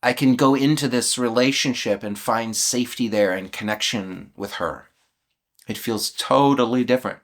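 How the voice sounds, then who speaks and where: A man in his fifties speaks in a candid, searching way, putting questions to himself and answering them aloud. His talk is earnest and emotional, open and vulnerable, and now and then broken by soft laughs. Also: mid-range voice, normal speed. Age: 50s. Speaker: channel host. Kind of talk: reflective spoken self-inquiry.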